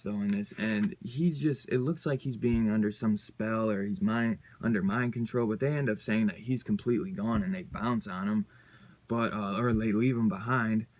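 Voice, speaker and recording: A man's voice: lowish voice, darkish tone. A man giving a casual comic book review on his channel, rambling and loose, with lots of fillers and some swearing.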